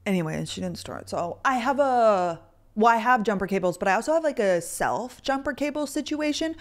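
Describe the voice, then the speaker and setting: A woman's voice: a little high, animated, moderate pace. Chatty young woman telling stories. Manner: chatty storyteller, heavy use of "like". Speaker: podcast host. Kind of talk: casual chat. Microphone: podcast microphone.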